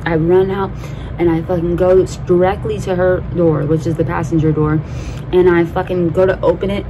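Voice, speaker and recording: Low-voiced woman ranting through her own story, swears nonstop, noisy background. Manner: blunt, heavily profane, slangy. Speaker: podcast host. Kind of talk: casual storytelling monologue.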